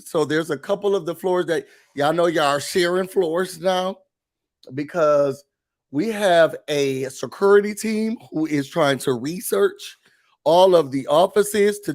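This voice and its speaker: A man delivers a comic mock corporate briefing in a deadpan, faux-serious tone. His delivery is unhurried, his voice sits a little high, and he drops into put-on emotional breaks. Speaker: host of a mock office meeting.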